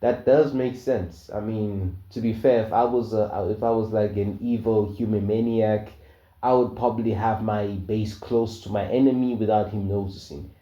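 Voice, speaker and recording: A robot scout musing offhandedly , as a man puts him on in his own voice. His tone is dark and warm, and the sound is roomy and muffled. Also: fairly low pitch, steady tone, moderate pace, lightly acted.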